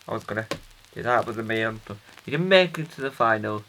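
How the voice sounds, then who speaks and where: A man's voice: on the low side, lively intonation, fairly quick, fairly bright tone, low-quality recording. A man playing an earnest, rambling dad who records a hesitant, self-interrupting video diary for his kids. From United Kingdom. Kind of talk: comic character monologue.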